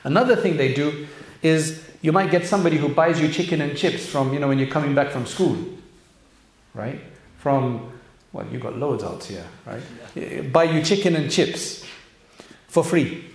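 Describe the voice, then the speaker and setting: This man's voice sits on the high side and moves at a moderate pace. Speaking to youth and parents as an Islamic speaker, he gives a direct, earnest religious talk full of rhetorical questions, recorded in an echoey room.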